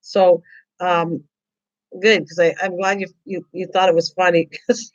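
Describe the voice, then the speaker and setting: A woman hosting a crafting livestream, chatting with her viewers in an excitable, rambling way and often repeating herself. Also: fairly low pitch, a little slow. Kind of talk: casual chat reading viewer comments. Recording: dull lo-fi livestream audio.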